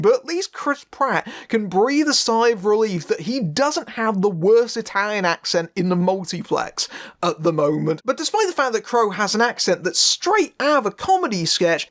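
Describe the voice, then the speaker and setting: A man narrating a scripted film review in a sardonic, wry way. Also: sits high.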